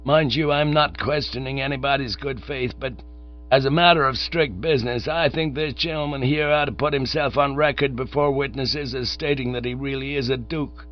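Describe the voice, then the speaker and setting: A man's voice: mid-range voice, fairly even intonation, moderate pace, pitched above the performer's own voice, close to an everyday voice. A man doing a blunt, stout businessman. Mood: insistent. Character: stout, blunt small-town American businessman. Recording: dull audiobook recording with mains hum.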